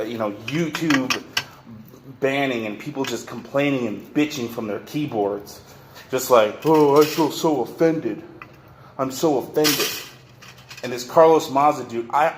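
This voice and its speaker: A man in a workshop rants straight to camera in a voice of ordinary middle pitch. He rambles, stumbles over restarts and swears freely. Steady clinks and clatter of metal and dishes run clearly behind him. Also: roomy sound, noisy background. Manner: rambling, profane, repeats and restarts. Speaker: vlogger. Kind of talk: rant to camera.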